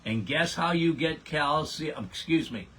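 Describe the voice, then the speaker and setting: A man's voice: a little high, a little slow, bright, forceful tone, a little hiss or hum. An older man hosting a health podcast, reading out listener questions and answering them in a blunt, emphatic, folksy way. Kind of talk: casual health Q&A.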